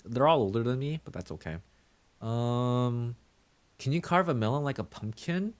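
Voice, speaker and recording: A man's voice: mid-range voice, sing-song, normal speed. A male streamer chatting casually with his viewers, playful and teasing in mock-villain banter.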